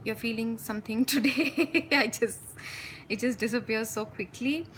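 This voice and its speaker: A woman hosting a spiritual live stream from home, talking passionately and intensely, speeding up when excited and laughing often. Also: fairly high pitch, normal speed, a little hiss or hum, low-quality recording. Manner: frequent laughs and warm endearments. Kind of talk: live-stream talk to viewers.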